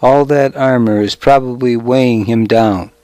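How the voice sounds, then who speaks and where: A man's voice: medium pitch, fairly even intonation, normal speed, warm tone, no room sound, natural voice. Guy reading as a bragging young shepherd, whiny, dry audiobook sound. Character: boastful young male shepherd, scheming.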